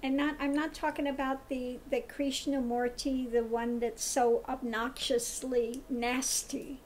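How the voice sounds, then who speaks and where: A woman with a high voice delivers a commentary monologue at a slow, deliberate pace. She speaks with emphatic scorn and hammers her points through repetition. A faint hiss runs underneath. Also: flat delivery, darkish tone. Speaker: tarot reader and spiritual commentator.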